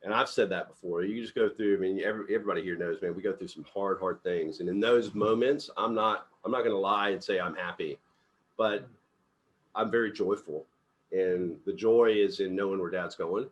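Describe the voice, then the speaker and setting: A man's voice: low-pitched, brisk, highs cut off. Upbeat middle-aged man telling stories. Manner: upbeat, animated storyteller who acts out dialogue. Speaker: company CEO leading a team meeting. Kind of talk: casual motivational talk with personal stories.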